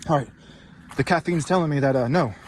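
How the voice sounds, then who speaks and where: Casting: fairly high-voiced man, fiery swearing rant, faint hiss behind. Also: fairly quick. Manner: intense, swearing, rambling and self-mocking. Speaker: podcast host. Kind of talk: profane motivational rant.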